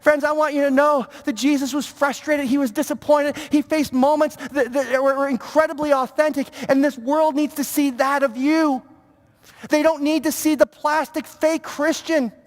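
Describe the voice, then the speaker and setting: A man preaching a sermon as pastor, talking in an animated way with stammering restarts and repeated words. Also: extremely high pitch, moderate pace. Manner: animated, stammering repetitions, mock-pious impressions. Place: church sanctuary. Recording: long reverb of a church hall.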